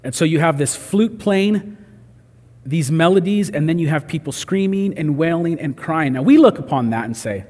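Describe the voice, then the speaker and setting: A man's voice: fairly high pitch, expressive, moderate pace, darkish tone, long reverb tail. A man preaching a sermon in a conversational way, acting out the voices he quotes. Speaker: pastor.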